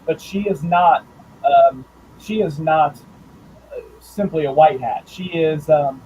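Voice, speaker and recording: A man who writes and draws comics, talking about his work in a casual interview, thoughtful and halting with fillers and restarts. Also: a little high, mellow, a little hiss or hum, poor audio. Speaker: comics writer and artist guest.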